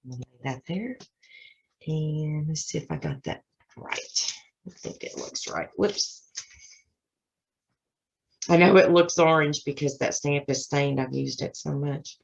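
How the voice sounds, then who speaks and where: At her craft desk, a woman walks viewers through making a card step by step, chatting casually and poking fun at herself. She speaks at a moderate pace in a low, creaky, slightly rough voice. The recording is lo-fi and a little dull.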